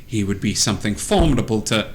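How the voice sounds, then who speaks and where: A man voicing a scheming female witch who speaks in low, quiet, conspiratorial tones. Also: lively intonation, quick pace, slight background noise, lightly acted. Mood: secretive. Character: scheming hushed female witch, Baba Lasagna.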